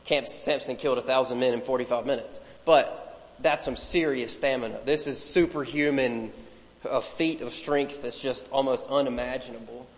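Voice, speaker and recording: A man's voice: medium pitch, steady tone, normal speed. A man preaching a sermon in a casual, joking way, with asides and laughs between points. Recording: long hall reverb.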